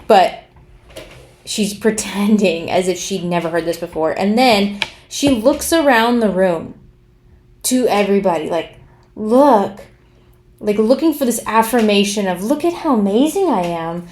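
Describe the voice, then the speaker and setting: A woman's voice: medium pitch, a little slow, long pauses, darkish tone, slight background noise. A woman giving casual commentary in a sarcastic, scornful, exasperated tone. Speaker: commentary vlogger.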